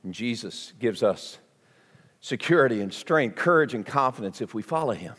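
A man's voice: mid-range voice, animated, normal speed, fairly bright tone, breathy edge. A man with a Southern US accent preaching an impassioned sermon, emphatic and repetitive. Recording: long hall reverb.

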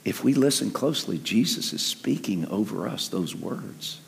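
An older man preaching a sermon in an animated way, dropping to near-whispers and then rising to loud emphasis. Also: lowish voice, normal speed, gravelly, a little hiss or hum. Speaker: pastor. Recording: echoey hall with long reverb.

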